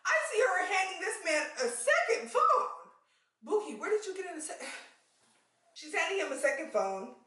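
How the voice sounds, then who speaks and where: A woman vlogger telling a story to her viewers in casual, animated talk, swearing now and then and calling them y'all. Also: sits high, very echoey, distant mic, low-quality recording.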